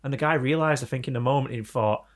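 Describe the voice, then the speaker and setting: An English man co-hosting a casual podcast, telling stories with lively energy and mimicking other people's voices. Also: medium pitch, quick pace. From England. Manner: animated storyteller, mimics voices. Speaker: podcast co-host. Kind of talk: casual banter.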